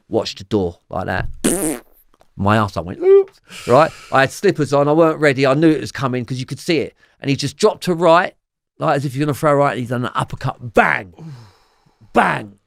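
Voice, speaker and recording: A man with a Cockney accent telling his story as an interview guest, rambling and profane, with lots of fillers and a voice that swings from loud to quiet. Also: medium pitch, gravelly, no room sound, studio quality. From London, England.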